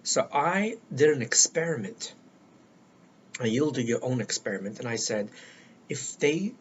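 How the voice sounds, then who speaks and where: An older man giving earnest life-coaching advice, emphatic and repeating words for stress, on a dull lo-fi recording. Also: mid-range voice. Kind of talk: solo talk to camera. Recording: dull lo-fi sound with faint noise.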